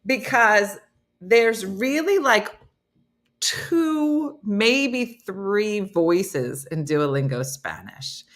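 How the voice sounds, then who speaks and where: A middle-aged woman hosting a morning comedy show, chatting casually and telling animated funny stories. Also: very slow. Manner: animated storytelling, mimics voices in low growls.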